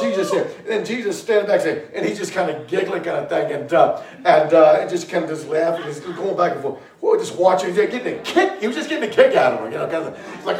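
A man preaching a sermon to a congregation, telling a story with laughter and sudden shouted bursts. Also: high-pitched, animated, brisk, hardly any pauses, a crowd in the background. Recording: echoey room, mic far from speaker.

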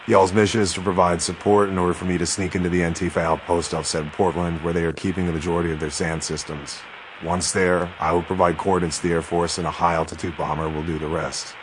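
A man voicing a blunt male Air Force sergeant who gives a brisk, matter-of-fact mission briefing. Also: low-pitched, pitched above the performer's own voice, close to an everyday voice. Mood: businesslike. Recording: steady background hiss.

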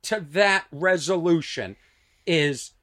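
A man's voice: a little high, takes it slowly, a bit bright. A man, a stand-up comedian, chatting casually and thinking aloud about his act. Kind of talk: casual chat between comedians.

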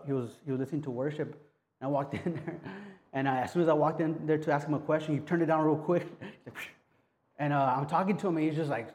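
Mellow-voiced man preaching casually. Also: fairly high pitch. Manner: casual, halting, frequent restarts and "right?". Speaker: pastor. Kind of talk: conversational sermon.

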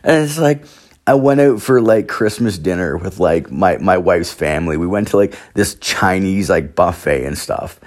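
A man's voice: sits low, animated, normal speed, darkish tone. A man hosting a podcast, telling stories in a rambling, profane way full of fillers. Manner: profane, filler-heavy, with frequent "like". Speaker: podcast host. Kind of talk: rambling casual storytelling.

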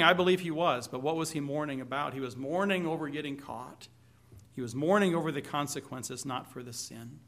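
A man's voice: a little high, creaky, pushed and bright. A man preaching a sermon, reading scripture aloud and asking the congregation questions with light humor. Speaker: pastor.

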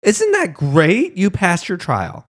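A man puts on a sugary, condescending voice for a smug council, lurching way up in pitch. It is mocking and loud, pushing each line in a sing-song way. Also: huge pitch swings, takes it slowly, full character voice. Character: smug condescending Jedi council, fake cheery.

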